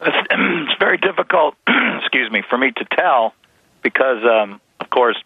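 A man joining a radio show as an analyst, speaking carefully and hesitantly and clearing his throat. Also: mid-range voice, expressive, normal speed, no echo. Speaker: guest analyst. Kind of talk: phone-in radio interview. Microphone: telephone. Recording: dry tinny phone line.

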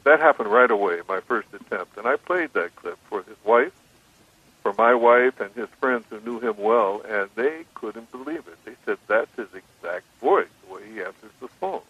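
A man calling in as a radio guest, telling his story in a measured way with frequent restarts. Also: lowish voice, animated, breathy edge. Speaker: guest describing his recording experiments. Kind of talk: phone-in radio interview. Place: on a phone call to a radio show. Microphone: telephone. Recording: dry tinny phone line.

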